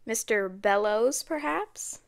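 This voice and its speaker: A woman's voice: a little high, lively intonation, slow pace, creaky, dry recording, studio quality, heavily acted. Woman reading as an eager girl detective. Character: bright young girl detective.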